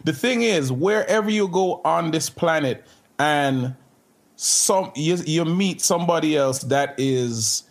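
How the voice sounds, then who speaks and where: A man with a Jamaican accent, a podcast guest in casual chat, animated and full of restarts. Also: fairly high pitch, takes it slowly. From Canada.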